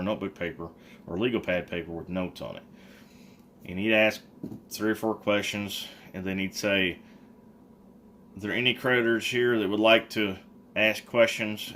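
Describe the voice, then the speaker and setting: Low-voiced man telling a story casually. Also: slight background noise. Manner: animated, acts out quotes of others. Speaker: vlogger.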